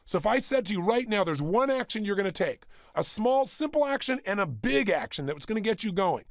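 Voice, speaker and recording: A man's voice: high-pitched, big pitch swings, no room sound. A man giving a motivational workshop talk in a studio, emphatic and fond of repeating phrases and firing off rhetorical questions. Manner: rapid-fire rhetorical questions. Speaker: motivational speaker. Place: studio with a small audience.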